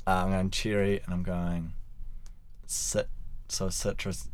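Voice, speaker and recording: A man's voice: deep voice, little pitch movement, slow, a crowd in the background. A man, co-hosting a casual wine-tasting podcast and spinning silly made-up scenarios. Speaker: podcast co-host.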